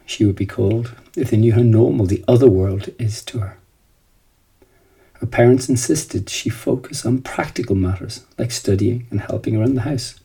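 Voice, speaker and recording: A man giving scripted storybook narration in a slow, measured, reflective manner. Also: medium pitch, gravelly, warm tone, slightly rough, poor audio.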